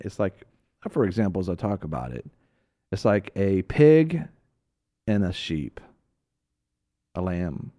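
A man with a fairly low voice co-hosting a Christian talk show. He teaches through casual, animated stories and often breaks into laughter. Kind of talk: casual Bible teaching chat.

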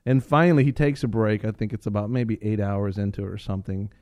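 A man on a talk radio show telling a funny story in a casual, animated way, laughing often and repeating phrases for emphasis. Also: fairly low pitch, fast talker, dry recording, studio quality.

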